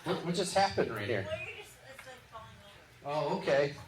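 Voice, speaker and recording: A man from the Midwest doing live stand-up comedy, joking back and forth with audience members in quick, punchy bits. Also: fairly high pitch, sing-song. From Midwest of the United States. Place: live comedy show venue. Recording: echoey live venue with loud crowd noise. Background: audience laughter and applause.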